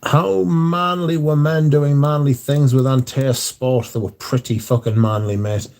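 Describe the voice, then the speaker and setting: A man's voice: mid-range voice, fairly even intonation, unhurried, few pauses, darkish tone, a little hiss or hum. A man, hosting a livestream in casual chat, reading viewer comments in a rambling, profane, wry way. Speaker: livestream host.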